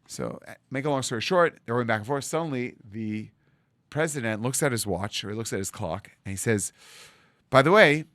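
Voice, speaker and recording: Rabbi telling a story, dry close sound. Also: male voice, mid-range voice, brisk, no echo. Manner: animated storyteller acting out dialogue. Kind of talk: storytelling sermon.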